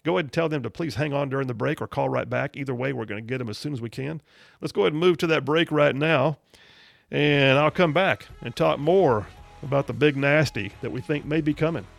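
Talk radio host, man, gravelly, folksy storyteller, dry studio sound. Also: medium pitch, fairly quick, no room sound, soft background music.

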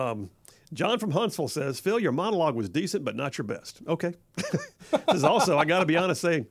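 A man's voice: fairly high pitch, sing-song, a little fast, no echo. A man hosting a conservative talk radio show, chatting casually and acting out movie quotes with gusto. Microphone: studio microphone.

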